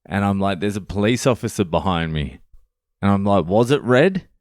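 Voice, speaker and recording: A man's voice: low voice, brisk, no echo. An Australian man hosting a podcast, telling a story in a blunt, sweary, joking way. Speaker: podcast host. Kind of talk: casual storytelling monologue.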